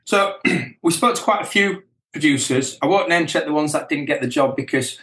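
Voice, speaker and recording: A middle-aged man and band member chatting casually as a guest, relaxed and chuckling, often restarting his sentences. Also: a little high, normal speed, echoey room. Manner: relaxed, chuckling, self-correcting. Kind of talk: casual chat.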